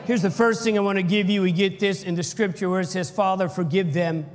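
A pastor preaching with fervor, his fairly high voice rising to shouts and then falling back to a steady teaching tone. He draws the congregation into call-and-response. The sound rings through a large, reverberant church hall. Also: fairly quick. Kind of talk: sermon.

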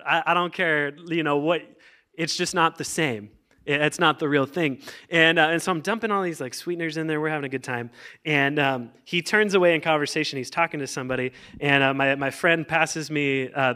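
A man's voice: fairly high pitch, brisk, bright, forceful tone, clean tone. A man preaching a casual, joking sermon as pastor, full of fillers and restarts. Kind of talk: conversational sermon.

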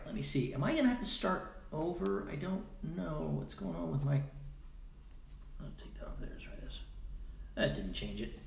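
A man's voice: mid-range voice, creaky. A man hosting a casual live stream, chatting playfully and muttering to himself as he works. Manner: chatty, mutters to himself while editing audio; playful, jumps between loud bursts and quiet asides. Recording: roomy echo with faint noise.

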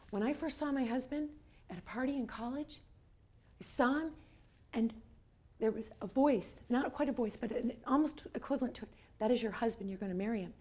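Animated woman in her fifties. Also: a little high, breathy edge. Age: 50s. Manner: animated storyteller acting out quotes. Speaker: lecture speaker. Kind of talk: storytelling lecture. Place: lecture hall.

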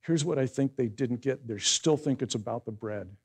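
A male pastor giving a conversational sermon that builds into loud, emphatic preaching. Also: medium pitch, normal speed, breathy edge.

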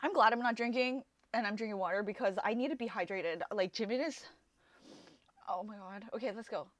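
A young adult woman reacting to an album on first listen, gushing and excitable, full of exclamations and trailing fillers. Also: mid-range voice, brisk, no room sound. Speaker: music reaction vlogger.

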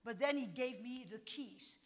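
A woman preaching a sermon at a conference, swinging between hushed, intimate lines and emphatic shouts. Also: a little high, unhurried, long reverb tail. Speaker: conference speaker. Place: conference hall.

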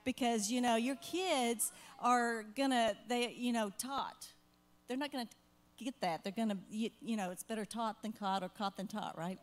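A woman's voice: on the high side, moderate pace. An older woman, a grandmother, sharing heartfelt parenting advice in a church Q&A conversation, earnest and rambling with asides.

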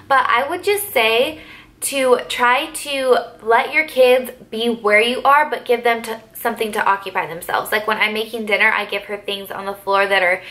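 A young mother answers viewer questions in a casual vlog, talking in a relaxed, chatty way full of little fillers. Her voice is bright and a touch high. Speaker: vlogger and mother of three.

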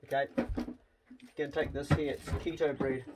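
A middle-aged man with a New Zealand accent talking in a casual family vlog on his rural land, blunt and easygoing, calling loudly to his dogs. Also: fairly high pitch, little pitch movement, moderate pace, heavy background noise. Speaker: vlogger. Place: outdoors on a rural property.

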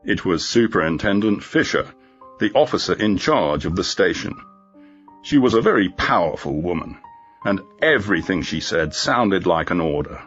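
Man narrating a graded story, low voice, slow clear reading, dull lo-fi recording, faint music. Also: animated, fairly bright tone. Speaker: storyteller for English learners. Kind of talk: scripted narration for learners.

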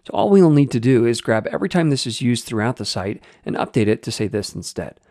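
A man explaining code step by step in a screen-recorded coding tutorial, in a steady teaching manner. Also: mid-range voice, brisk, no echo, clean studio sound. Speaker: web development tutor.

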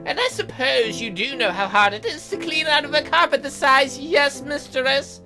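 A patient young butler answers in a polite, dutiful way, grumbling mildly, as a woman reads him in a game. The voice is fairly high and lively. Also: normal speed, music in the background. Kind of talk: let's play character voice.

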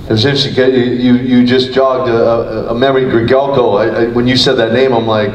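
A man's voice: mid-range voice, flat delivery, fairly quick, highs cut off. A man, a former wrestler, talking casually in an interview, rambling with many restarts. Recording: roomy, distant mic, faint noise.

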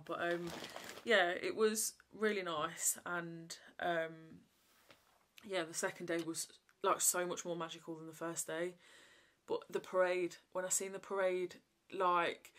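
A woman's voice: on the low side, flat delivery, normal speed, fairly bright tone. A woman, chatting casually to camera in a rambling way, full of fillers. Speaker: vlogger.

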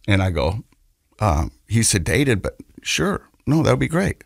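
A man's voice: lowish voice, big pitch swings, measured pace, gravelly, slightly rough, no echo, studio quality. A man co-hosting a podcast, telling a personal story in a rambling way with restarts and laughter, turning earnest and reflective. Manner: rambling, repeats words, laughs while telling. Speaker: podcast co-host. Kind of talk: casual storytelling.

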